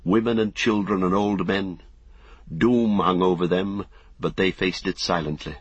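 Male audiobook narrator: low, husky, solemn, dull dry recording. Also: fairly even intonation, measured pace, no room sound. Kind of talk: scripted narration.

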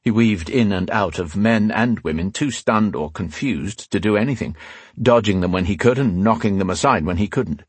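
A man reading a fantasy audiobook aloud in steady, scripted narration. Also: on the low side, normal speed, breathy edge, no echo.

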